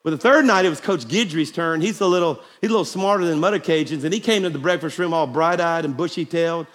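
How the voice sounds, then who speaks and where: A man's voice: on the high side, fast talker. A man preaching a folksy, joking sermon to a conference crowd in a large hall. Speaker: pastor. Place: large hall with live audience. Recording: long hall reverb, faint crowd and noise.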